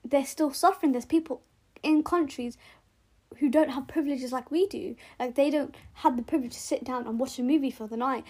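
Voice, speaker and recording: A young woman hosting her own podcast, talking earnestly in a rambling way with restarts and repeated words, recorded with rough sound at home. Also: high-pitched. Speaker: podcast host. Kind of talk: casual solo podcast monologue.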